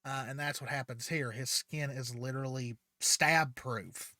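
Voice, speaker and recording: A man's voice: mid-range voice, fairly even intonation, unhurried, pushed and bright, dry recording, clean studio sound. A man hosting his channel, casually retelling a fan story with many fillers.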